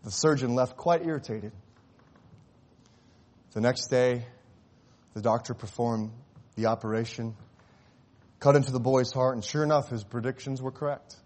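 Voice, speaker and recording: A man preaching a sermon, telling a story and rising to impassioned cries before dropping to hushed, tender tones. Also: mid-range voice, normal speed, long pauses. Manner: swells to impassioned shouting at climaxes, drops to hushed tones.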